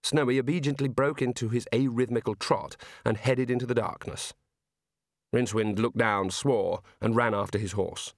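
A man's voice: medium pitch, steady tone, moderate pace, gravelly, no echo. A man reading a comic fantasy audiobook aloud in a dry, wry storytelling manner. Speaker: audiobook narrator. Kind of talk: scripted narration.

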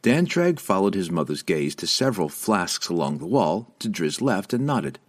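Deep-voiced, dramatic male narrator. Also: normal speed. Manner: dramatic, expressive reading. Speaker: audiobook narrator. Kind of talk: scripted fantasy audiobook narration.

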